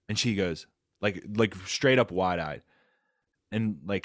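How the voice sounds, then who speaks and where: A man hosting a casual chat, retelling a story with lively quoted voices and many fillers. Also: fairly low pitch, moderate pace, dry recording, studio quality. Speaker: podcast host, fellow cyclist.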